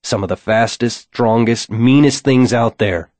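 A man voicing a tense male wizard who speaks in a hushed, clipped, urgent way to his apprentice. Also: medium pitch, measured pace, no echo, natural voice.

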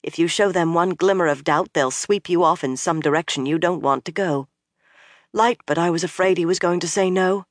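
An audiobook narrator voicing a stern young woman who gives orders briskly and firmly. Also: mid-range voice, dry recording, studio quality, natural voice. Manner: brisk and firm.

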